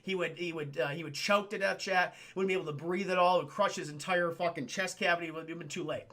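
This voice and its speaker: A man streaming a profane film recap to his chat, animated and acting out characters in goofy voices. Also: fairly high pitch, quick pace.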